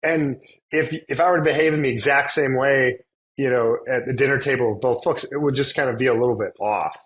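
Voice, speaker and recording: A man speaking as a podcast guest in an easygoing, rambling way, circling back on himself with fillers and restarts. His voice sits in a middle pitch. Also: fairly even intonation, a little fast, a bit bright, slight background noise, rough recording. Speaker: guest, influencer marketing agency CEO. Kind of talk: casual conversational interview.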